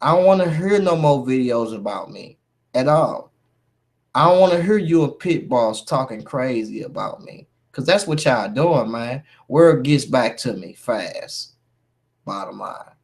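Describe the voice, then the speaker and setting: A man's voice: mid-range voice, expressive, measured pace. A man calling out a rival in a heated vlog rant, emphatic and confrontational, with "man" and "bruh" as constant fillers. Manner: confrontational, addresses a rival directly. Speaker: YouTube commentator. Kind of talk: heated call-out rant to camera.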